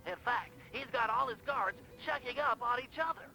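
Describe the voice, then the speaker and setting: A fussy high-pitched nerdy planner. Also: male voice, moderate pace, pushed and bright, exaggerated voice, poor audio. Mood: briefing. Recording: game audio with faint music.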